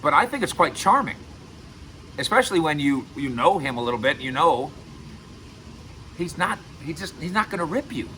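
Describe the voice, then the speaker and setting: Middle aged guy doing casual sports commentary, bright crisp voice, punchy and repeats himself for emphasis. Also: a little high, very animated, moderate pace, long pauses, a little hiss or hum, low-quality recording. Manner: emphatic, repeats words for stress. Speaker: sports radio and video host.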